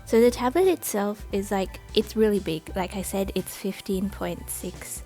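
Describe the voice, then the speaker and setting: A woman's voice: mid-range voice, normal speed, mellow, soft background music. Chatty woman vlogger, casual voice-over. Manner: chatty, rambling, lots of "like" and "uh". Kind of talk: casual voice-over for an unboxing video. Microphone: not very good home microphone.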